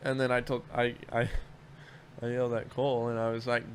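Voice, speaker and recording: A man's voice: medium pitch, flat delivery, normal speed, a little hiss or hum. Profane rambling man telling work stories. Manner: profane, rambling storyteller with many restarts. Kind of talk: casual chat.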